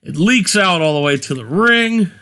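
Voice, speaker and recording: A man's voice: sits high, expressive, normal speed, pushed and bright, smooth. A man co-hosting a casual game commentary, laid-back and blunt as he reads out match results. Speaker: let's play co-host.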